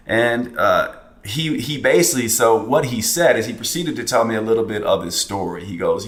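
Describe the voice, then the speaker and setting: A man's voice: fairly low pitch, lively intonation, moderate pace, fairly bright tone, roomy sound. A man hosting a podcast, telling a personal story in a casual, reflective way with plenty of fillers and restarts. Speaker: podcast host.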